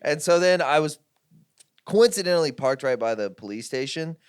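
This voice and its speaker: A man hosting a podcast, telling stories in a casual comedy chat with an animated manner. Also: fairly high pitch, moderate pace, smooth, dry recording, studio quality. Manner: animated storyteller. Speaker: podcast host.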